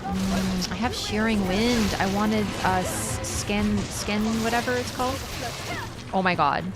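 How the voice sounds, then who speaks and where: A young woman chatting casually with viewers while livestreaming a game, excitable and reacting out loud. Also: medium pitch, a little slow. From Canada. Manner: excitable, reacts aloud to gameplay and chats with viewers. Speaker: streamer. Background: game music.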